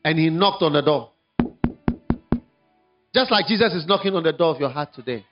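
A man preaching an evangelistic sermon, telling a story dramatically, swinging from hushed to shouting. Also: a little high, animated, moderate pace, muffled recording, loud music behind the voice.

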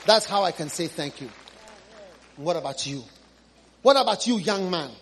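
A man preaching an impassioned sermon, moving from loud, high cries to low, hushed appeals, repeating phrases and pleading with the congregation. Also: normal speed, slight background noise.

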